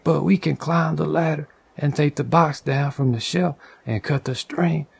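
A man voicing a greedy, childlike male toad who wheedles, in a gentle whispered role-play storybook reading. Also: on the high side, fairly even intonation, moderate pace, vocal fry, breathy edge, no echo, voice pushed up, full character voice. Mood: wheedling. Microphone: condenser microphone.

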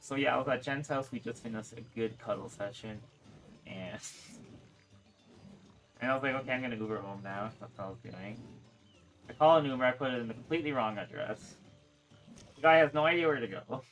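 A man's voice: medium pitch, fairly quick, pauses often, a bit bright, faint music behind. A young man chatting casually while gaming, rambling and swearing freely as he tells a story. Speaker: gaming streamer. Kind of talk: casual chat while playing.

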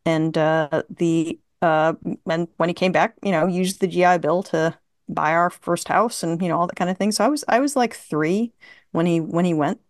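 A woman's voice: lowish voice, normal speed, no room sound, clean studio sound. A woman in her fifties, an interview guest telling stories in a chatty, rambling way with many fillers and frequent laughs. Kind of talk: casual conversation.

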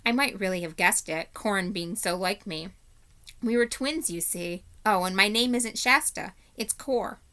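A woman's voice: medium pitch, unhurried, bright, forceful tone. A teacher voicing an earnest, chattering boy prince. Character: earnest young boy prince, shy and talkative. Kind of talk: reading aloud to children.

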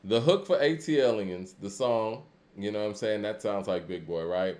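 A man's voice: on the low side, normal speed, a crowd in the background. A man co-hosting a podcast, talking in an easygoing, hesitant way with many ums during a casual debate. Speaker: podcast co-host.

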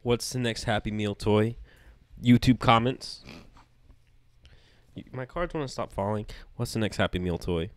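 A man co-hosting a podcast who reads game cards aloud slowly and flatly during casual chat. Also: lowish voice, dry recording. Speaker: podcast co-host. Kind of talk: casual chat while playing a card game.

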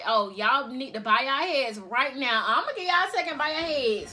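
A young woman talks straight to her viewers from her bedroom, chatty and easygoing, calling them y'all and tagging okay onto her sentences. Her voice sits high and sounds bright. She records on her cell phone. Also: lively intonation, moderate pace, few pauses, soft background music. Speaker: mukbang vlogger. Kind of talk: casual chat to viewers.

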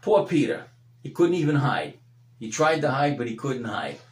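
A man preaching a sermon as pastor, swinging between loud emphatic peaks and hushed low passages. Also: very animated, moderate pace, reverberant. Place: church sanctuary.

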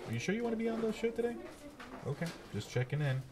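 A man teaching a class and hosting the show, asking questions in a relaxed, playful, teasing way. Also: high voice, fast talker.

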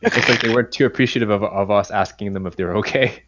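A man playing in a tabletop game, joking quickly with the group. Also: on the low side, fairly bright tone, muffled recording, slight background noise. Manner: quick, jokey banter. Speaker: player. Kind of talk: casual tabletop play chat.

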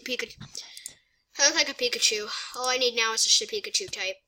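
High, bright-voiced excitable woman gamer. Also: fast, low-quality recording. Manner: excitable and chatty, talking to herself. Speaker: gaming channel host. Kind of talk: let's play commentary.

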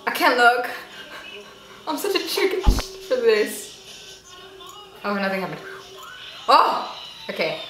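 A young woman giving casual reaction commentary, chatty and quick to exclaim and gasp. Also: a little high, sing-song, sharp tone, soft background music. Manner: chatty, exclaims and gasps often. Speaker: YouTube reactor. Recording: echoey room with faint noise.

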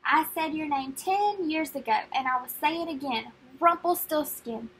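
Rumpelstiltskin, a woman doing a squeaky imp. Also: moderate pace, fairly bright tone. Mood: menacing. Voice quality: high and squeaky. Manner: taunting, demanding. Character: squeaky menacing little male imp.

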